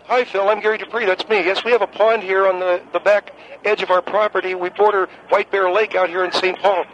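A man voicing a compulsive male caller who keeps mechanically repeating his own name, earnest and halting. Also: high-pitched, flat delivery, a bit bright, lo-fi sound, a little hiss or hum, pitched above the performer's own voice. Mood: earnest, fixated.

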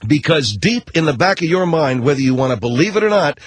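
Brief: middle-aged male radio host, husky and animated, sarcastic rambler. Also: a little high, fairly quick. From Los Angeles area. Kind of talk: radio talk monologue.

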